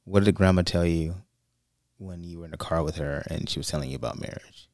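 Male podcast co-host, deep and dry, chatty rambling storyteller. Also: fairly quick, no echo. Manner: rambling, restarts and fillers, animated when quoting. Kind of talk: casual chat, storytelling.

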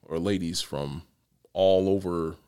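A man's voice: low voice, fairly even intonation, slow, mellow, smooth, no echo, studio quality. A man who is a county court judge, chatting casually in a long, rambling way with many restarts. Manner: rambling, many restarts and "you know" fillers. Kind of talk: casual podcast conversation.

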